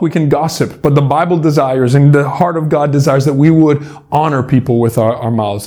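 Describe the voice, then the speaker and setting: A man's voice: mid-range voice, a little mellow. A man preaching a casual, conversational sermon with a playful touch, using a soda can as a prop. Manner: conversational, playful, uses props. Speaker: pastor.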